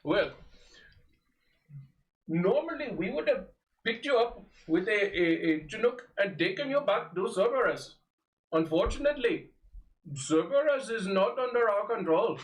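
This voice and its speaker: A man's voice: high voice, big pitch swings, a little slow, pauses often, echoey room, recorded from a distance, poor audio. A man running a tabletop role-play, speaking formally in character with many stalling fillers. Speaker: game master voicing a character.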